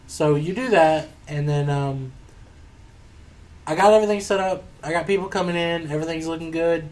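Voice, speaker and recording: Relaxed male panelist, slightly high-pitched, casual and profane. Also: moderate pace. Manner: relaxed, laid-back storyteller who swears casually. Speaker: co-host. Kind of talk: casual gaming chat.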